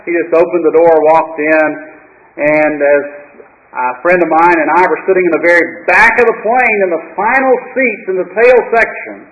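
High-voiced pastor telling a wry story. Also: male voice, normal speed, lo-fi sound. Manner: storytelling, wry and dramatic, drops low for asides. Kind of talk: sermon with a personal story.

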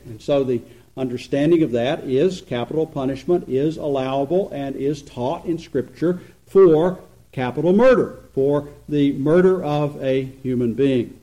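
A man preaching an expository sermon, earnest and emphatic, slowing down to stress points and swinging between loud and quiet. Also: a little high, poor audio. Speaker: pastor.

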